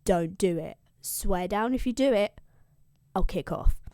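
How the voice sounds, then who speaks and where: A woman's voice: mid-range voice, expressive, a little slow, mellow, no room sound, studio quality. A woman doing an exasperated sea captain. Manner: exasperated, pleading, sweary.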